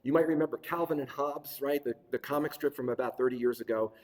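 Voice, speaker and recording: A man's voice: mid-range voice, quick pace. Middle-aged man lecturing in a hall. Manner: relaxed, digressive, many fillers and restarts. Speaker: workshop presenter. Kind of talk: conversational lecture. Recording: reverberant hall.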